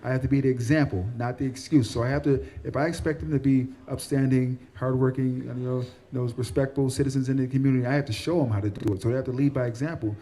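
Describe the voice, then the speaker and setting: A man's voice: medium pitch, steady tone, fast, few pauses, dark tone. A man, a guest in a casual cafe interview, talking earnestly and often repeating words as he thinks. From Central New York. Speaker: guest, former football player.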